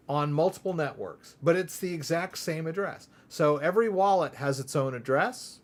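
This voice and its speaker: A man from the United States hosting a live crypto Q&A, talking casually and rambling as he demos software and asks "right?" again and again. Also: fairly high pitch. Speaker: crypto livestream host. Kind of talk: casual live Q&A with screen demo.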